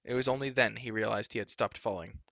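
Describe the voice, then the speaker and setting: Male storybook reader, gravelly and bright, dry close lo-fi sound. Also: on the low side, fast, no room sound. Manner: steady, dramatic narration. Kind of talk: storybook reading aloud. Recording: dull lo-fi recording.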